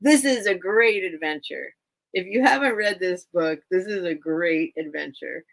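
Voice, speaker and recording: Speaking a little slowly with a lowish voice and noticeable vocal fry, a woman hosts a vintage sale stream. She chats informally with viewers and her cat, gets distracted easily, and the audio is poor.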